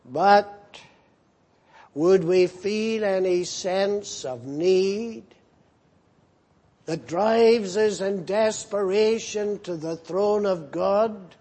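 Male pastor, slow and deliberate sermon delivery, husky tone, earnestly rebuking. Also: sits high, dark tone. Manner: earnest, rebuking, emphatic repetition.

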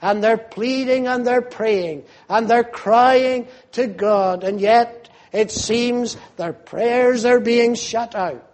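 A man preaching a fervent sermon, slow and emphatic, rising to loud cries when quoting pleas to God. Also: very high voice.

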